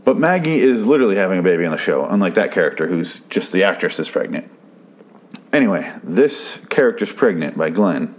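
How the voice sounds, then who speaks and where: A man casually recapping a TV episode, rambling and swearing freely with frequent restarts. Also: sits low.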